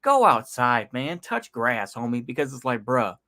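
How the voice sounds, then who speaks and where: A man's voice: medium pitch, expressive, moderate pace, bright, forceful tone. Slangy man riffing in a reaction video. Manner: slangy, sighing, laughing to himself; rambling with frequent fillers. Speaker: YouTube commentator. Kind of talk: casual reaction commentary.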